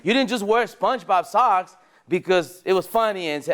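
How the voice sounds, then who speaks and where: A man leading a sales training session at a dealership, energetic and rallying, firing questions at the staff in the room. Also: sits high, normal speed.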